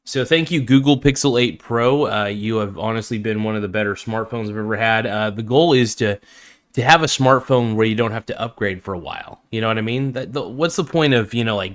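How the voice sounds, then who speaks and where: A man hosting a live-streamed phone review, talking casually with lots of fillers, restarts and enthusiastic asides. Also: lowish voice. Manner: enthusiastic fan, easily impressed.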